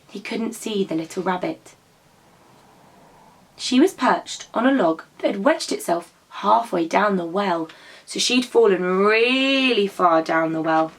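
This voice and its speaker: A woman who teaches drama to young children, telling a story and prompting them to act it out in an animated, encouraging way. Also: medium pitch, a little slow.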